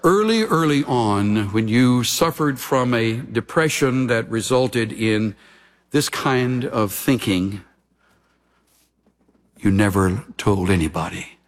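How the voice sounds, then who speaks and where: A man in his sixties, a pastor preaching an expository sermon, teaching verse by verse in a measured, deliberate way. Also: mid-range voice, expressive.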